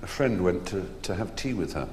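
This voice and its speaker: A man telling theatre anecdotes on stage before a live audience, an unhurried raconteur who pauses with ums and restarts. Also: low voice, expressive, a little mellow, a little hiss or hum. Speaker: stage conversation guest. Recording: echoey hall with long reverb.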